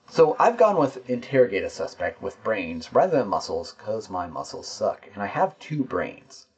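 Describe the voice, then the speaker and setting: A man's voice: lowish voice, breathy edge, lo-fi sound. A man playing a tabletop game solo, narrating the scene and explaining his dice rolls and rules as he goes.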